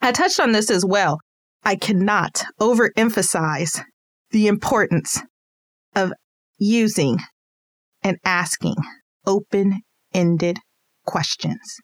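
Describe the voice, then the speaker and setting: A woman's voice: mid-range voice, slow pace, pauses often, no room sound. A mother giving casual parenting tips, chatty and laughing easily as she acts out little scenes. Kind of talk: casual advice talk.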